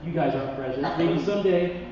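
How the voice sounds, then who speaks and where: A man preaching a sermon, reading scripture with dramatic pauses and chatting with the congregation between passages. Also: fairly high pitch, a little hiss or hum. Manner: expressive Bible reading, dramatic pauses, conversational asides. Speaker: pastor. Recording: distant mic in a reverberant hall, dull sound.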